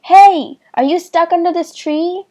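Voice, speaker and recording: A woman reading as a loud, reassuring young boy. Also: high-pitched, expressive, unhurried, creaky, voice pushed up, exaggerated voice. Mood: calling.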